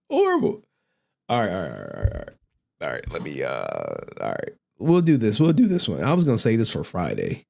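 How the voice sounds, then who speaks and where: A man hosting a live stream, chatting casually in an animated, rambling way and laughing often. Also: low-pitched, fast talker, vocal fry. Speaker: streamer, host.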